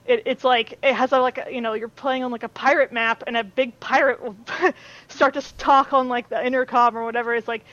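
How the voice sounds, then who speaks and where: A woman's voice: a little high, fairly even intonation, a little fast, fairly bright tone, no room sound, dull audio. A woman chatting as a podcast guest, talking loosely with many fillers and restarts. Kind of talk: casual chat.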